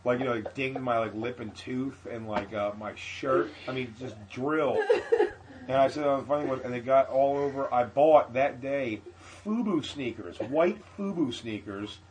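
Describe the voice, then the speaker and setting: A male comedian tells an animated, profane story, slipping into the voices of the people in it. His pitch is mid-range for a man. A faint hiss sits under the recording. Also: moderate pace. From Philadelphia area. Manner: animated, profane anecdote with acted-out quotes. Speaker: comedian guest. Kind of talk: podcast storytelling.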